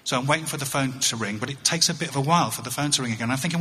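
A middle-aged English man telling a wry story on stage as a touring comedian, halting and often repeating his words. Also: mid-range voice, sharp tone, a little hiss or hum. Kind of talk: storytelling stand-up. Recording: echoey hall.

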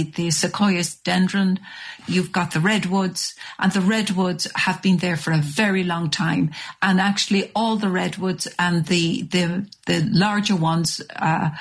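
An older Irish woman, a radio interview guest, telling stories in a lively anecdotal way. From Ireland. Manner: lively anecdotal telling, rising high when excited.

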